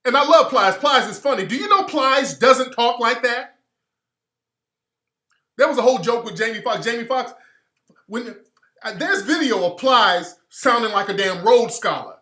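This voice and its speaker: A man from the American South delivers an insistent commentary, his pitch swinging widely as he drives each point. His voice is bright and forceful, and it rings with a roomy echo. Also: expressive, moderate pace, pauses often. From Alabama, US South. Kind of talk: opinionated monologue.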